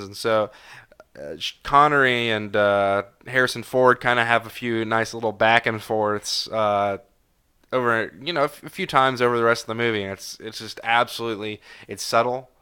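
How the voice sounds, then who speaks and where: A man's voice: mid-range voice, pushed and bright, smooth. A tired man in his twenties hosting a casual solo podcast, rambling with lots of fillers and self-corrections. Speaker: podcast host. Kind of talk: casual solo review chat.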